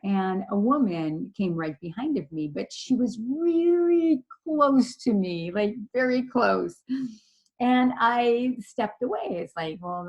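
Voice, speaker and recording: A woman leadership trainer giving a slide presentation, telling a personal story in a chatty, animated way. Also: mid-range voice, lo-fi sound.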